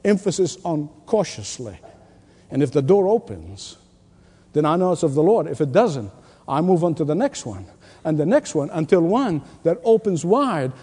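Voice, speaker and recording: A man preaching in a high, mellow voice that rings through a big hall with a long echo. He delivers his sermon with force, repeating key phrases and dropping to near whispers for effect. He comes across as a pastor working a congregation. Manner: emphatic preaching, repeats key lines, swings from loud to hushed.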